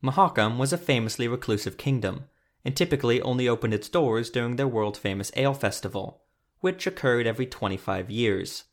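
A male narrator reads a fantasy story in a measured, steady way. His voice sits in the middle of a man's range and keeps an even pace. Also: mid-range voice.

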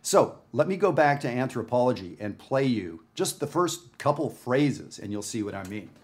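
A man's voice: medium pitch, sing-song, normal speed. Chatty Canadian man teaching jazz. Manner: conversational, emphatic, frequent "right?". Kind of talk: casual video lesson. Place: home studio with his dog.

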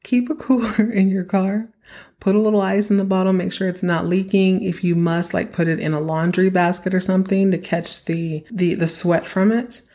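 A woman's voice: on the low side, level tone, brisk, hardly any pauses, warm tone. A young woman from Texas hosting her own podcast, chatting casually and giving emphatic advice straight to her listeners. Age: young adult. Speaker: podcast host. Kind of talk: casual solo podcast monologue.

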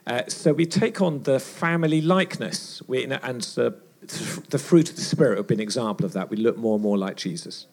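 A gravelly man preaching at a church retreat. He tells stories in an animated way and acts out other people's lines as he goes. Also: medium pitch, brisk. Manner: animated storyteller acting out dialogue. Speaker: retreat speaker. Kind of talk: storytelling sermon.

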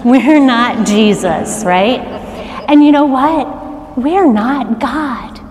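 A middle-aged woman preaching a sermon, animated and asking the congregation to call out answers. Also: a little high, very slow. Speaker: worship arts director preaching. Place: church sanctuary. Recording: long reverb of a large church hall.

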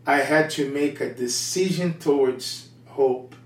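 Earnest Brazilian-accented man in an echoey room. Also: medium pitch. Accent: Brazilian Portuguese. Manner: candid and earnest, with halting restarts. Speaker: missionary guest. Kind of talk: personal testimony in an interview. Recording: echoey room with a distant mic.

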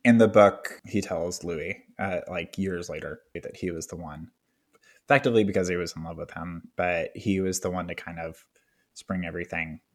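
A man's voice: sits low, fairly even intonation, moderate pace. A man co-hosting a podcast, chatting casually about a film in a wry, profane way, often laughing. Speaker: podcast co-host.

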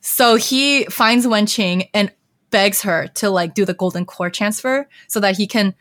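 A young woman chatting through a story recap, full of "like" and quick restarts. Her voice sits in an ordinary middle register. It is recorded dry and close, with no room sound around it. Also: mid-range voice, a bit bright, no room sound. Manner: chatty, heavy use of filler "like". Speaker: podcast host.

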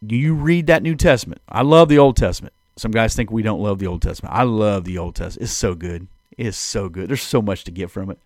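A man in the middle of a casual devotional talk, speaking conversationally at an ordinary pitch. He leans on repetition and circles back to key phrases for emphasis. The sound is dry and close, with no room around it. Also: no echo. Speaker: preacher and podcast host.

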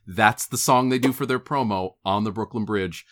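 A man's voice: fairly low pitch, normal speed, a bit bright. A man co-hosting a podcast, chatting casually in a playful, wry way. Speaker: podcast co-host. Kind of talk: casual chat.

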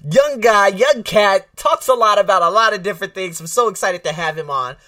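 A man's voice: sits high, a little fast, no room sound, clean studio sound, distant mic. A man from the United States, a podcast host, talking in a casual, rambling way with lots of fillers. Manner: rambling, filler-heavy, animated.

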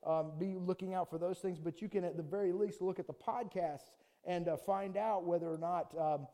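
Man, pastor, high voice, casual animated sermon delivery. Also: moderate pace.

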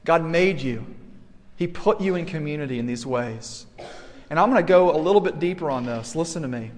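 A man's voice: fairly high pitch, animated, brisk, long reverb tail. A middle-aged man preaching a sermon to students as a campus pastor, talking earnestly and building to emphatic points.

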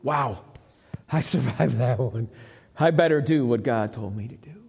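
A man's voice: medium pitch, a little slow, creaky, a little mellow, slightly rough, voice pushed down. A man voicing a reluctant, grumbling male prophet in a live church sermon. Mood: relieved. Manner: sulky, defensive complaining. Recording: long hall reverb.

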